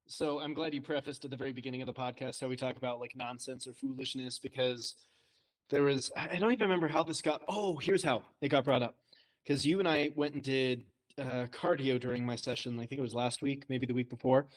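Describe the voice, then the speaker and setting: Young male podcast co-host, mid pitch, quick self-correcting storyteller. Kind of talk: casual podcast chat.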